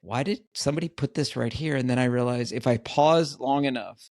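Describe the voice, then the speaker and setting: Gravelly-voiced man telling stories. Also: mid-range voice, brisk, darkish tone, no room sound, studio quality. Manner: self-deprecating storyteller, chuckling at himself. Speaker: podcast guest. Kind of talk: casual podcast conversation.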